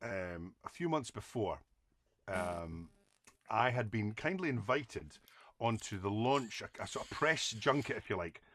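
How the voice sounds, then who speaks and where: A man's voice: fairly low pitch, measured pace. A Scottish man, a podcast guest, telling casual anecdotes full of Scots slang. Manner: lively storyteller with Scots slang.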